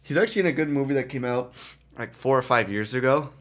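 A man's voice: mid-range voice, quick pace, a bit bright. Joking, rambling young man co-host. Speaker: podcast co-host. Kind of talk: casual chat.

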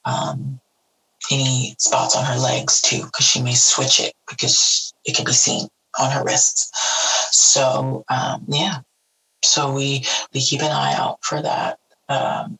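A woman's voice: extremely low pitch, fairly bright tone, far from the mic, rough recording. A woman talking earnestly and with feeling about parenting teenagers, acting out little quoted voices as she goes. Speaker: parent sharing advice. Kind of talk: casual heartfelt talk.

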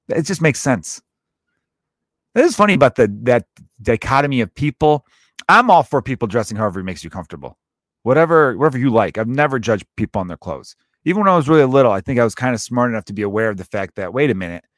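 A man's voice: mid-range voice, expressive, quick pace, no echo, studio quality. A middle-aged man telling a rambling, profane comic monologue, breaking into mocking voices for the people in his stories. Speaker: comedian.

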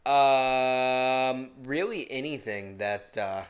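A man's voice: medium pitch, very slow, fairly bright tone, clean tone. A man in casual chat, defending provocative takes with mock conviction. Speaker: podcast co-host.

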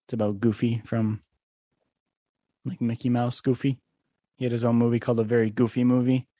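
A man's voice: mid-range voice, flat delivery, fairly quick, warm tone, no room sound. A young man hosting a casual solo podcast, rambling and filling his talk with "like" and "um.". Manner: rambling, with lots of "like" and "um". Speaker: podcast host.

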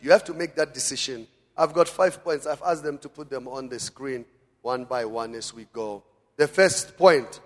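Man, preacher, sermon, high voice, long hall reverb, calls to the congregation. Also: expressive, normal speed. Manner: preaching with call-and-response to the congregation. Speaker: pastor. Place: church hall.

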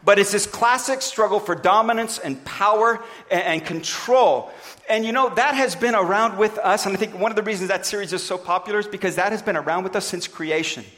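A high-voiced man preaching in a conversational way. He reads scripture aloud and stumbles into the odd restart as he goes. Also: fairly bright tone. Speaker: pastor. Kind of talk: sermon with scripture reading.

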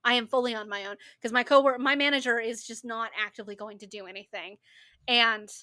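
A woman's voice: on the high side, steady tone, fast, sharp tone. A young woman co-hosting a podcast, telling a work story in casual chat with emphatic repetition and casual swearing. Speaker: podcast co-host.

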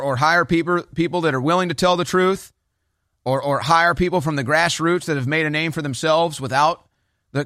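A man's voice: on the high side, pushed and bright, no room sound, clean studio sound. A man hosting a political talk show, delivering opinionated commentary with a mocking, sarcastic edge.

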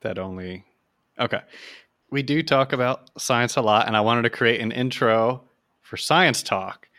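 Man, podcast host, casual chat, bright voice, asides. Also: mid-range voice, unhurried.

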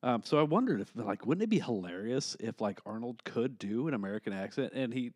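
A man's voice: medium pitch, expressive, fairly quick, darkish tone, no room sound, clean studio sound. A man co-hosting a casual movie review podcast, rambling and swearing freely, laughing as he talks. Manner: rambling, profane, laughs often. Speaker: podcast co-host.

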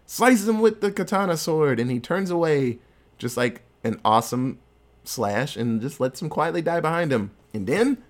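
Here a podcast host's voice is a little high and moves at normal speed as he casually recaps a film scene by scene. He tells it loosely and with animation, dropping crude jokes along the way.

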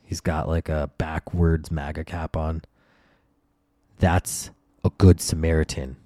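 A man's voice: a bass voice, little pitch movement, takes it slowly, dark tone, no echo, studio quality. A young man hosting a podcast, telling a comedic story as a profane, exasperated rant and acting out the voices of the people in it. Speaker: podcast host. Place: at home.

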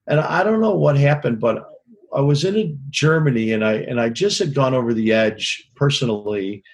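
A man's voice: mid-range voice, expressive, moderate pace, slightly rough. A man who works as a touring concert lighting director, telling frank, rambling stories in an interview, swearing freely and often asking "you know what I mean?". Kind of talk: casual interview storytelling.

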